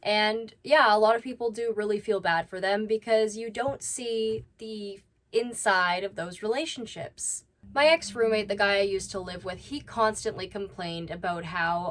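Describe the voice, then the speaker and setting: A woman's voice: medium pitch, normal speed, hardly any pauses. A woman hosting a reaction commentary, talking bluntly and scolding. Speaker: commentary host.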